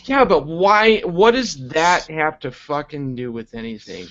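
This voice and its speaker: A man reviewing wrestling in a profane, exasperated rant, sarcastic and quick to mock. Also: fairly high pitch, expressive, a bit bright. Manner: sarcastic and exasperated, heavy swearing. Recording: dull lo-fi recording.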